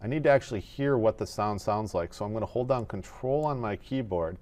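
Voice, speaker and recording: A man teaching animation in a screen-recorded tutorial, explaining each step in a methodical, relaxed way. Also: fairly low pitch, fairly quick.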